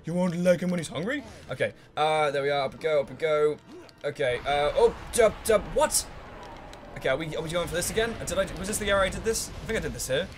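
Speaking fast in a slightly high voice, a man narrates his let's play gameplay with lots of excitement and plenty of swearing. He hums while he thinks and shouts at the characters in the game.

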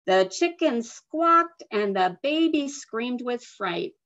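Woman guest reader, slow expressive storytelling, somewhat high voice, lo-fi video call sound. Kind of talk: reading a picture book to children. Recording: dull lo-fi video call audio.

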